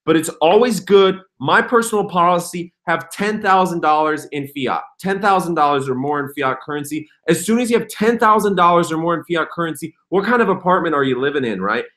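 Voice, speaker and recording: A young man hosting a casual livestream, talking in an excitable, rambling way and reading comments aloud. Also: fairly high pitch, fairly quick, few pauses. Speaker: crypto livestream host.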